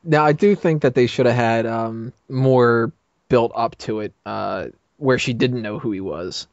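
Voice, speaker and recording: On a roundtable podcast, a male panelist rambles casually, filling his speech with fillers and laughing often. His mid-range voice moves unhurriedly, captured on a dull, dry lo-fi mic.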